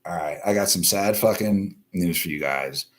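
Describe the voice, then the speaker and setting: A man's voice: deep voice, normal speed. A man hosting a live-stream news show, ranting bluntly and profanely while greeting viewers from the comments. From East Coast of the US. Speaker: livestream news show host.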